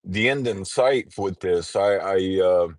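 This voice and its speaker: A man's voice: low-pitched, takes it slowly, dry recording. Congested man hosting a casual morning livestream, rambling and filler-heavy, dry close sound. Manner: rambling, frequent throat-clearing and filler words. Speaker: livestreamer in trucker training.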